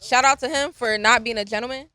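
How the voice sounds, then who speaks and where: A woman on a podcast, telling quick teasing stories in a studio. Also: a little high, steady tone, a crowd in the background. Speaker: podcast guest. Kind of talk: casual chat.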